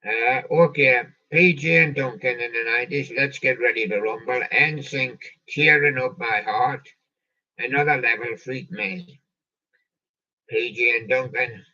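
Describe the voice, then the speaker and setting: Slow, joking man, lo-fi distant sound. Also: mid-range voice, pushed and bright, slightly rough. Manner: slow, punning, quips after each song title. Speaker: show host reading out song lists. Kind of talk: rambling live-stream chat with jokey asides. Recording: dull lo-fi sound, off-mic.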